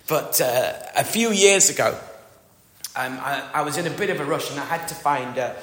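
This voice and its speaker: A man's voice: on the high side, normal speed, a bit bright. A middle-aged man with a northern English accent preaching a sermon in a chatty, self-deprecating way, often asking the congregation questions. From northern England. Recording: echoey hall with long reverb.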